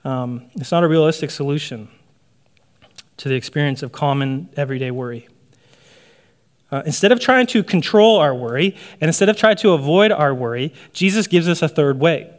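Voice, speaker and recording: A pastor preaches a sermon in a fairly high voice with lively intonation at a moderate pace. His style is conversational, often checking in with "right?" and laughing lightly.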